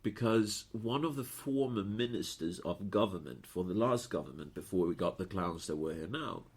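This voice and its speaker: A man's voice: low-pitched, normal speed, breathy edge. A man, co-hosting a podcast in casual chat and swearing a lot. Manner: animated, swears a lot, frequent restarts. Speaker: podcast co-host.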